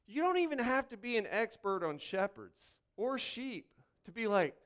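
A male pastor preaching a conversational sermon, moving between joking asides and slow, quiet reflection, repeating key phrases slowly for emphasis. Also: high-pitched, big pitch swings.

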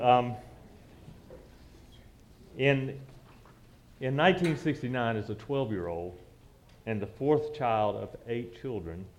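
A man's voice: fairly low pitch, a little mellow, highs cut off. A man, telling a personal story from the pulpit in a conversational, reminiscing way with frequent restarts. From southern United States. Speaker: church speaker.

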